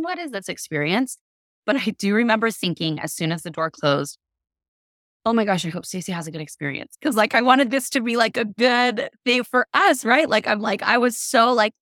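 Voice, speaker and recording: A woman in casual conversation, telling a lively story with lots of "like" and acted-out quotes. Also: mid-range voice, no echo, studio quality. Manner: animated, acts out quoted voices, many "like" fillers. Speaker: podcast guest.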